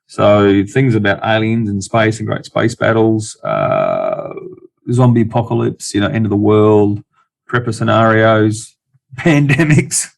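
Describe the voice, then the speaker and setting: A man's voice: lowish voice, expressive, measured pace, creaky. A middle-aged Australian man, an investor guest in a casual interview, talking bluntly with many restarts and dry jokes.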